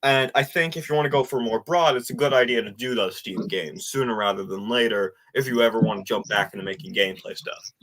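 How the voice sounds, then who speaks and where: A man's voice: medium pitch, fast, a bit bright. A man chatting casually with a friend on stream, joking and giving his opinions freely. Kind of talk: casual chat.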